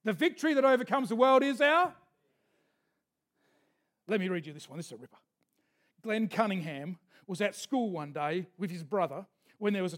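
A man's voice: high-pitched, darkish tone. A man preaching a sermon as pastor, telling stories in a folksy manner with asides. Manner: storytelling with folksy asides and restarts.

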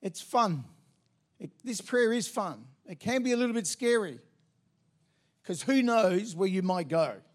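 A man's voice: high-pitched, lively intonation, a little slow. A man preaching a sermon in a church, fervent and interactive, coaxing the congregation along. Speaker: pastor. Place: church sanctuary.

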